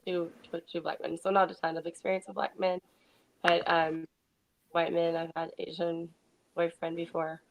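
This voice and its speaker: A woman's voice: on the low side, completely flat delivery, normal speed, vocal fry, a little hiss or hum, rough recording. A woman calling into a live talk show, speaking hesitantly with many fillers. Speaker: caller. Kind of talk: casual call-in chat.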